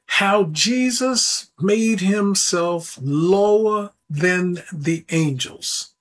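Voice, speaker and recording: A man's voice: high voice, fairly bright tone. A man preaching a radio sermon, earnest and pleading with his listeners.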